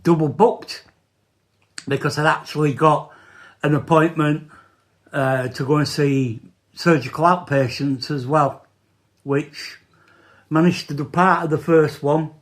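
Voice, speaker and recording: A man, talking casually in a personal vlog, halting and repeating words as he goes. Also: mid-range voice. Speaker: vlogger.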